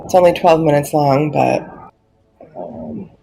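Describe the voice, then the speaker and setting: A man with a slightly raised pitch talks casually and haltingly, leaning on fillers. Faint music plays behind him. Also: gravelly, poor audio. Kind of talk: casual chat.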